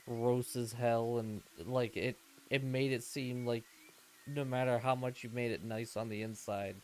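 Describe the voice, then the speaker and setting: A man's voice: mid-range voice, darkish tone, a little hiss or hum. A man streaming himself playing a game, chatting casually and rambling in answer to his chat. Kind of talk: casual gameplay commentary.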